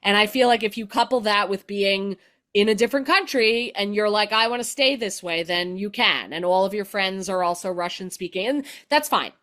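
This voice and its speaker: A middle-aged woman, a comedian guest, explaining and telling stories in an animated way, full of "like". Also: mid-range voice, normal speed. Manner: animated, explanatory, filler-heavy with "like". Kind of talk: conversational storytelling.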